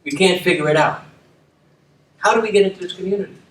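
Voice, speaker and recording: A man's voice: high voice, fast talker, fairly bright tone. An older man and former dean talking reflectively, restating his points with emphasis and often checking in with "okay?". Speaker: community leader and former dean. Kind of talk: reflective conversation. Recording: roomy, distant mic with faint room noise.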